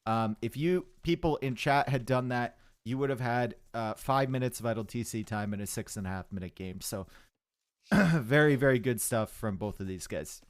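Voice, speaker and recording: A man commentates a strategy game live on stream, chatting easily and joking with his viewers. His voice sits at an ordinary middle pitch. The sound is close and dry, with no room around it. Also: moderate pace, hardly any pauses, no room sound. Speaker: esports caster.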